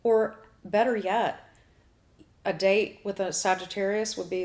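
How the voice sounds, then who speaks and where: A woman's voice: medium pitch, unhurried, a little mellow. A woman hosting a talk show as an astrologer, chatting casually with blunt asides and frequent laughs. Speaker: astrologer host.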